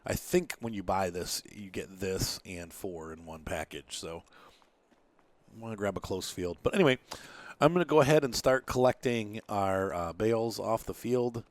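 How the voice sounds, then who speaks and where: This gameplay commentator speaks at normal speed in a fairly low voice while playing a farming game. His casual let's-play talk wanders, full of fillers and thinking out loud, and he sounds worn out, yawning as he goes.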